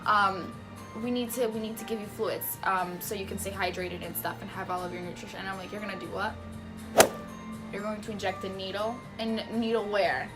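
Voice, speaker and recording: A young woman telling a personal story in a casual vlog, acting out the voices of the people in it, laughing often and dropping to a hush at tense moments. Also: mid-range voice, brisk, over loud music. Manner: animated, acts out the voices in her story. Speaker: patient telling her surgery story.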